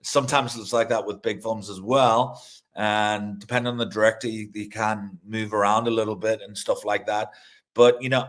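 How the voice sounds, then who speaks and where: A middle-aged man, a director and actor, chatting loosely in an interview, swearing freely, restarting sentences and laughing mid-story. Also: on the low side. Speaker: film director and actor, guest. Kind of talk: casual interview chat.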